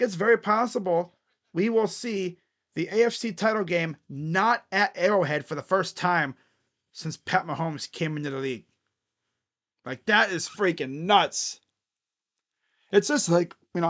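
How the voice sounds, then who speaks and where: A man hosting a football picks video, talking casually and excitably and thinking out loud. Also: high voice, measured pace. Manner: rambling, excitable, thinks aloud. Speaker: sports picks channel host.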